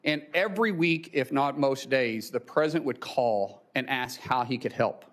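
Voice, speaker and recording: Halting middle-aged man telling a story. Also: medium pitch, a bit bright. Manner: halting, many restarts, chokes up. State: emotional, near tears. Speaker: nominee testifying at a hearing. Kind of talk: emotional personal story.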